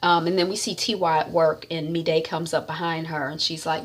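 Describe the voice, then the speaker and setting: A woman's voice: sits low, level tone, moderate pace, hardly any pauses. A woman chattily recapping an episode of a series, acting out the characters as she goes. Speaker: series reviewer. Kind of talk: casual recap of a show.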